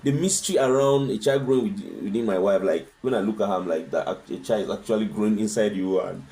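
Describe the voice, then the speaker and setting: A man's voice: on the low side, fast talker, dark tone. Earnest man answering interview questions. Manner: earnest, asks rhetorical questions. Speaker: husband sharing his experience as a guest.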